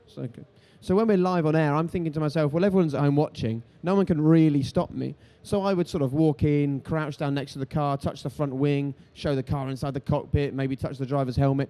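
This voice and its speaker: A man, a TV presenter on a live stage telling animated stories and acting out the voices of people in them. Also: on the high side. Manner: animated, quick, acts out voices in his stories. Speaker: TV sports presenter, interviewed guest. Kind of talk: lively anecdotal storytelling on stage. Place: live event stage before an audience.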